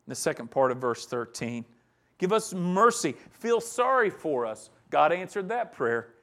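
A pastor preaching a sermon on a psalm, earnest and swelling to emphatic peaks, with soft chuckles between points. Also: male voice, fairly high pitch, very animated, a little slow.

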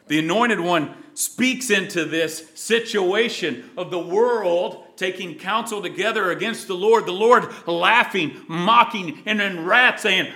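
A man preaching a sermon, dramatic, moving from loud emphasis to hushed, low lines. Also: a little slow.

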